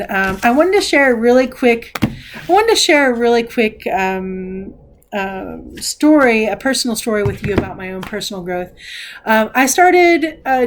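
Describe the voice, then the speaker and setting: A woman's voice: mid-range voice, slight background noise. A middle-aged woman talking casually as a tarot reader, rambling and candid, swearing now and then. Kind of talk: casual spoken tarot reflection.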